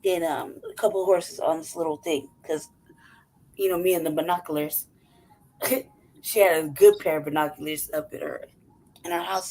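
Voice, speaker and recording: A woman's voice: on the low side, low-quality recording. Profane, laughing woman telling a story. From city-raised. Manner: profane, animated, laughs often, acts out voices. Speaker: podcast co-host. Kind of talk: casual storytelling chat.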